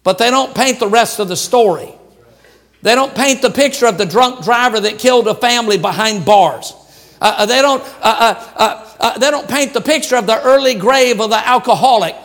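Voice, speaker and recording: A man preaching a sermon, moving from shouted appeals to quiet, hushed asides. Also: very high voice, moderate pace. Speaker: pastor.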